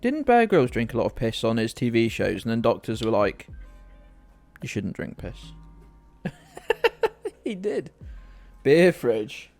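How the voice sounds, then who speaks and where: A British man chats casually to his viewers as he streams a game, rambling and joking at his own expense. His mid-pitched voice swings widely up and down as he talks, and faint music plays behind him. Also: very animated, unhurried, pauses often, a little mellow. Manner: rambling, self-mocking, chatting to viewers. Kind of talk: casual live-stream commentary.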